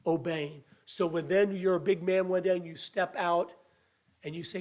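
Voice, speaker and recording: A high-voiced man delivering a sermon. He speaks earnestly and conversationally, with a voice that sounds a little weak. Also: fairly even intonation, normal speed. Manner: earnest, conversational preaching with restarts and acted quotes. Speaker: preacher.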